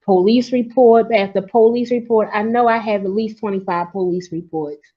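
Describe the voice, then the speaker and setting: A woman's voice: medium pitch, fairly even intonation, moderate pace. Grandmother caller from Maryland, frustrated and insistent, muffled lo-fi audio. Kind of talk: call-in talk.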